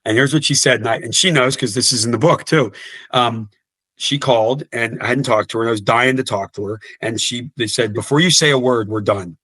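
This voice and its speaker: A man's voice: mid-range voice, steady tone, fairly quick, fairly bright tone, slightly rough, no echo. A man in his fifties talking earnestly in an interview, often repeating words and restarting sentences. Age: 50s. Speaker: guest coach. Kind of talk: podcast interview.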